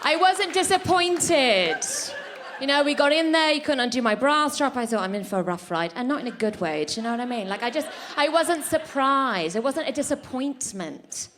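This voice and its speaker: A woman performing a live stand-up routine on a comedy club stage, telling stories in an animated, punchy way. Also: high voice, moderate pace, some chatter behind, slight background noise.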